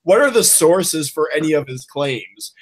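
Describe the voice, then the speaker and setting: A man's voice: on the high side, expressive, measured pace. A man in a casual podcast discussion, hesitant and analytical, with many filler sounds.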